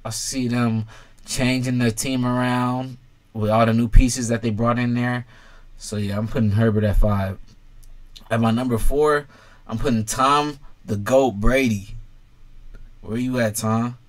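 A man's voice: mid-range voice, fairly even intonation, unhurried. A young man in a casual sports vlog, ranking players bluntly with lots of swearing and talking straight to the fans. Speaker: sports commentator ranking quarterbacks.

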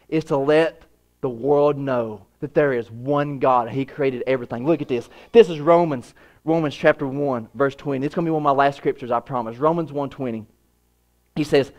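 Pastor, man in his 30s, earnest sermon delivery, slightly high voice, moves between quiet and emphatic. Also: moderate pace. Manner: earnest preaching with repeated phrases, swinging from hushed to emphatic.

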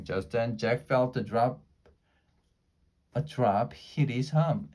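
A man reading a children's storybook aloud in a slow, deliberate way, with small slips. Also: medium pitch, darkish tone. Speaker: storybook reader.

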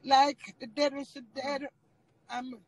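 A woman's voice: high-pitched, level tone, takes it slowly, poor audio. A Jamaican woman livestreaming, talking in a raw, tearful way and swearing freely. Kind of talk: emotional casual monologue.

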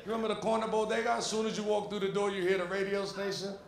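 Young male Brooklyn comic, gravelly high voice, brash profane delivery, echoey club with loud laughing crowd. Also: little pitch movement, very fast. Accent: Brooklyn New York. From Brooklyn, New York. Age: young adult. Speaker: stand-up comedian. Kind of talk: stand-up routine. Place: comedy club stage.

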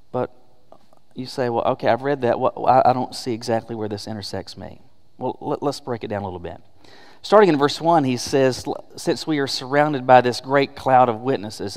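A man's voice: mid-range voice, darkish tone, in a large hall. A man preaching a sermon as pastor, emphatic and conversational, asking rhetorical questions. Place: church sanctuary.

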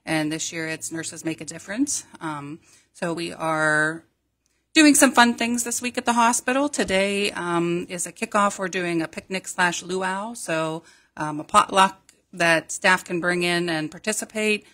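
A woman guest on a morning radio show, speaking for a hospital's nursing staff. Her voice is bright and forceful and sits slightly low. She explains things in a friendly, informative way and peppers her talk with ums. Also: unhurried. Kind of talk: radio interview.

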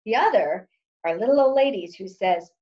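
A woman's voice: mid-range voice, animated, moderate pace, dull audio. A woman reading her own book aloud in a wry, sarcastic, exasperated tone. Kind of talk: audiobook-style reading.

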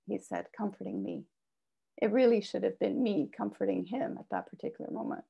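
A woman author reading a personal memoir aloud with expressive delivery. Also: mid-range voice, a little fast, gravelly, husky, muffled recording. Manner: expressive reading, raises voice for quoted shouts. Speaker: author reading her work.

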